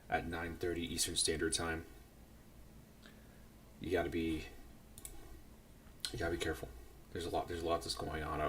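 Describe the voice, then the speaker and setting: A man hosting a trading livestream, giving measured, cautionary market commentary and correcting himself as he goes. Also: very deep voice, far from the mic, a little hiss or hum.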